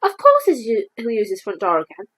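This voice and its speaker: A woman voicing a kind, sensible young boy in a storybook read-aloud, gentle and reassuring. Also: on the high side, wildly swooping pitch, brisk, breathy edge, heavily acted.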